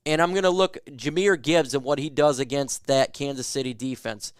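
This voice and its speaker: A man's voice: medium pitch, normal speed, clean tone, no room sound, studio quality. A man hosting a casual sports fan livestream, answering viewer questions with loose, joking, hyped banter. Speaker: sports talk livestream host.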